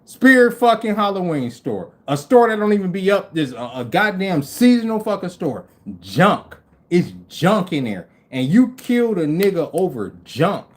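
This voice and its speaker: A man in his forties rants through a story on his livestream, profane and incredulous. His voice sits high and swings widely from line to line. He slips into quick impressions of the people he describes. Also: very animated. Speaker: livestream host. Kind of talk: casual storytelling rant.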